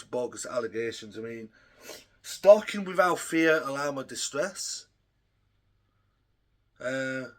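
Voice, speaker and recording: A young man rambles through a story for his vlog, filling it with ums and swearing freely. His voice sits a little high for a man. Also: fairly bright tone. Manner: rambling, profane, frequent ums. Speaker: vlogger.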